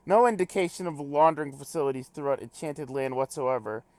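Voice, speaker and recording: A man's voice: a little high, brisk, a little mellow, no echo, natural voice. A man reading a terse, formal male adventurer who speaks in a clipped, log-like way with pompous words. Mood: stiff.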